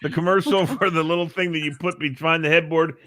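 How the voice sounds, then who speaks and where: A man's voice: fairly high pitch, steady tone, fast, over a noisy crowd. A man co-hosting a casual chat show, joking around and laughing often. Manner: jokey, laughs often, tells jokes. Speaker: co-host.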